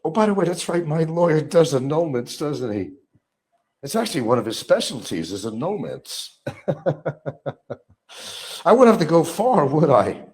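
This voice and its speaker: A middle-aged man ranting bitterly on a livestream, repeating himself, mocking others and swinging between low mutters and loud outbursts. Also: big pitch swings, moderate pace. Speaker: livestream host. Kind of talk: rambling livestream rant.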